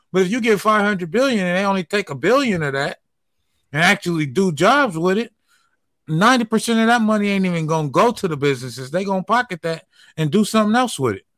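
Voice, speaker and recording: A man's voice: high-pitched, a bit bright, no room sound. A man in a casual group discussion, explaining his point at length and building his argument step by step.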